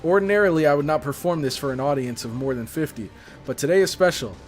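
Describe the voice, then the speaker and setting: A man's voice: on the high side, fast talker, soft background music, close to an everyday voice. A man reading the lines of a grandiose knight in a flowery, theatrical way. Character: grandiose knight of the white lily.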